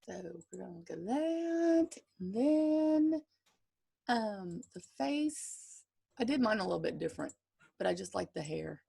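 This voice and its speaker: A woman's voice: medium pitch, big pitch swings, warm tone. A woman teacher giving an online drawing lesson to children, reading a picture book aloud and chatting. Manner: slow and chatty, gravelly. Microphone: computer screen share.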